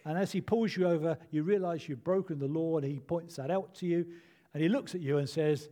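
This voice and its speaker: Mellow-voiced older preacher. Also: male voice, a little high. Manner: measured, earnest preaching with reflective pauses. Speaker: pastor. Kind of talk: sermon.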